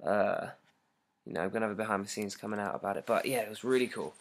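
Excitable British teenage boy chatting live. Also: on the low side, fast talker, a little hiss or hum. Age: teens. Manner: excitable, rambling, jokey. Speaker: singer hosting a fan livestream. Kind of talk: casual livestream chat reading fan comments.

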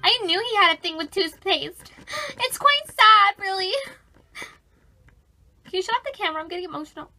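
A woman's voice: extremely high pitch, animated, moderate pace, long pauses, pushed and bright, exaggerated voice. A young woman voicing a toy pet who plays a scheming, fed-up wife, sassy and mocking, in a toy role-play video. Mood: mock-sad.

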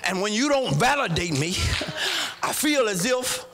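Male pastor, high bright voice, sing-song whooping sermon delivery. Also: sing-song, measured pace, faint music behind. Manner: chanting, sing-song preaching that rises into shouts.

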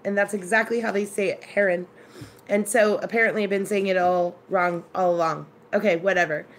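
A woman's voice: mid-range voice, steady tone, a little fast, a little hiss or hum. A woman hosting a casual live stream from her home kitchen, chatting with viewers and telling a story. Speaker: live-stream cooking host.

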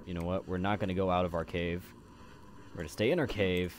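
Young gamer, low voice, yelps and swears through scares, background noise audible. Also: male voice, fairly even intonation, fast. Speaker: gameplay commentator. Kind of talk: horror game let's play commentary.

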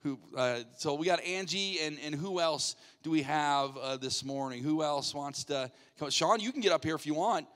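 A man pastor runs a light game from the stage, teasing and coaxing volunteers with quick asides. His voice sits a little high. The sound carries the long reverb of a church sanctuary. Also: fairly bright tone. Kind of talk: playful audience hosting from the stage.

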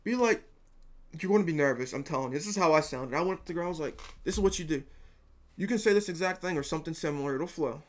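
A man's voice: on the high side, quick pace. A young man giving dating advice to viewers in a rambling, earnest way, swearing freely. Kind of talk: casual talk to camera.

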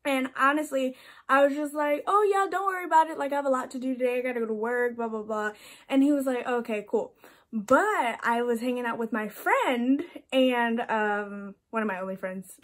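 A woman's voice: a little high, moderate pace, fairly bright tone. A young woman telling a story on her vlog in a chatty, casual way, laughing often and saying "like" a lot. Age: young adult. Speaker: vlogger.

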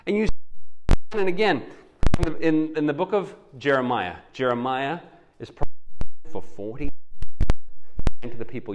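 A male pastor preaching a sermon and telling it as animated stories with acted-out quotes. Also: a little high, normal speed, long pauses, background noise. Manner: animated storytelling, acts out quotes.

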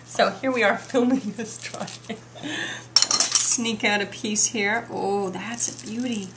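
A woman's voice: medium pitch, fairly even intonation, normal speed, heavy background noise. A woman hosting a casual home cooking video, chatty and enthusiastic as she works in her kitchen.

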